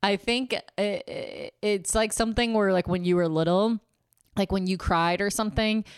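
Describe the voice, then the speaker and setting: A woman's voice: medium pitch, fairly even intonation, normal speed, clear, resonant tone, dry recording, clean studio sound. A young woman in casual chat as podcast co-host, frank and swearing freely, full of "like" fillers.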